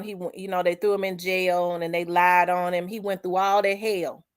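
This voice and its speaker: Woman, channel host, preaching-style monologue, emphatic, repetitive, colloquial. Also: mid-range voice.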